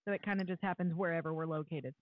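A woman hosting a podcast, talking in a relaxed, thoughtful way with soft affirmations. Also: low voice, fast talker. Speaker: podcast host. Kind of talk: casual parenting chat. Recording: dry, phone-like remote line.

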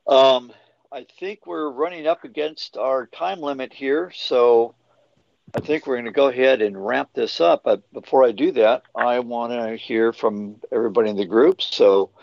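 Brief: male host, gravelly voice, folksy and easygoing, lo-fi dull sound. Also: mid-range voice, normal speed, no room sound. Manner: folksy, relaxed, draws out fillers. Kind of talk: podcast panel hosting. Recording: dull lo-fi call audio.

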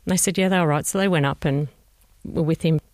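Speaking fast in a low-pitched voice, an Australian woman gently reflects on her family's painful story in an interview, voicing the words of people involved. She is a bereaved mother, and the recording is studio quality with no echo.

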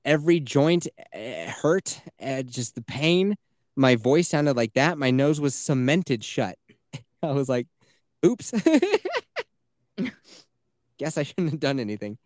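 A man's voice: medium pitch, lively intonation, slow pace, a little mellow, no echo, studio quality. A man hosting a podcast, telling stories in a chatty, swearing way from a small closet. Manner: chatty storyteller, swears freely. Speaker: podcast host. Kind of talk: casual chat.

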